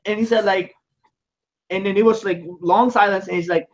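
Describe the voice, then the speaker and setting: A man's voice: sits high, normal speed. A man in casual livestream talk, telling a story animatedly and acting out both sides of a phone call. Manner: animated storytelling with quoted voices.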